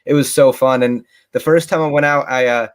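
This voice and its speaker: A man's voice: medium pitch, steady tone, fairly quick. A man co-hosting a casual podcast, loose and hesitant with many fillers.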